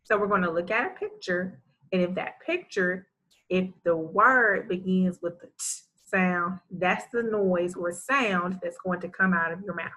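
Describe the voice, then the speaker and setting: A woman's voice: on the low side, unhurried, low-quality recording. A woman teaching a first grade reading lesson, carefully sounding out word parts and praising the children. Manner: enunciates sounds carefully, warm praise for pupils. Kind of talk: slow, deliberate reading lesson for young children.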